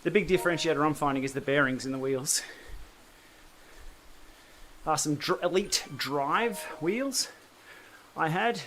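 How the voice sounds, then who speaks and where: A man's voice: a little high, measured pace, long pauses, a bit bright, a little hiss or hum. An Australian man hosting a casual cycling livestream, chatting and answering viewer comments while he pedals on an indoor trainer. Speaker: cycling channel host.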